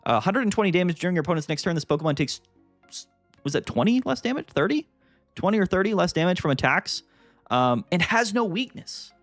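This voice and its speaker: A man hosting a live card-game stream, chatting casually and getting excited, thinking aloud with lots of fillers. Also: sits high, fairly quick, no room sound, soft background music. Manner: excitable, thinks aloud, frequent fillers, jumps between topics.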